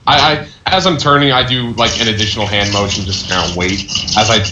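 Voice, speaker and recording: A man's voice: on the low side, fast talker. A man player in casual tabletop game chat, describing his character's actions. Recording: dull, roomy amateur recording with noise.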